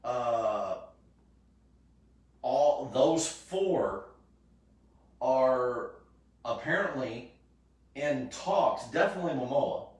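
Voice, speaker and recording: Man, casual host, halting delivery full of fillers, miked from a distance. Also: medium pitch, lively intonation. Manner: halting, restarts often with fillers. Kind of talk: casual chat. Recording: echoey room, far from mic.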